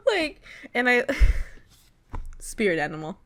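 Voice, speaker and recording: A young woman streaming a visual novel, reacting with loud disbelief and swearing. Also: fairly high pitch, unhurried.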